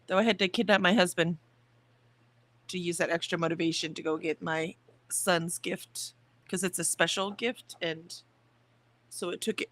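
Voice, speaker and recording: Chatty woman streaming casually. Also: lowish voice. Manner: chatty, rambling, talks to chat and her dog. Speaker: livestream host. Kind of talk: casual livestream chat.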